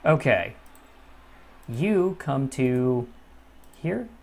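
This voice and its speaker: Man, let's-play commentator, slow deliberate talk, casual cursing, frustrated outbursts. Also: medium pitch, sing-song, gravelly. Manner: casual, swears freely, swings from muttering to frustrated outbursts. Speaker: gaming channel host.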